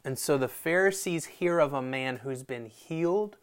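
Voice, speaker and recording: A man's voice: on the high side, moderate pace. A man preaching a sermon in a loose, conversational storytelling manner. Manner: conversational, storytelling with voiced quotes and laughs. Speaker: pastor.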